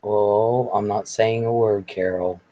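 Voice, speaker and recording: A man hosting a live stream in a relaxed, blunt way, reading viewer comments aloud and swearing casually. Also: on the low side, takes it slowly, lo-fi sound.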